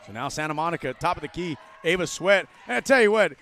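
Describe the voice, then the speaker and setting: An older man doing live play-by-play for a college basketball game, jokey and excitable, with loud calls on big plays. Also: a little high, fast talker, slight background noise. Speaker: play-by-play commentator. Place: courtside broadcast booth in a gym.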